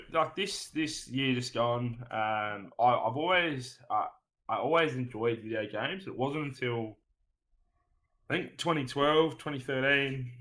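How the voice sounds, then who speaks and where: A man's voice: mid-range voice, pushed and bright, low-quality recording. Rambling Australian man, swearing freely. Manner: rambling, swears freely, says "mate" often. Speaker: guest streamer. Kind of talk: casual podcast interview.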